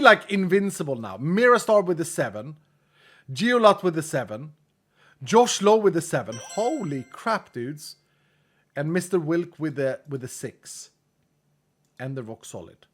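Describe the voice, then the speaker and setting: A man's voice: on the high side, very animated, unhurried, long pauses, a bit bright. Chatty streamer man with an accent. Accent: non-native English. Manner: chatty, reads chat aloud, laughs often. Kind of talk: casual live-stream chat.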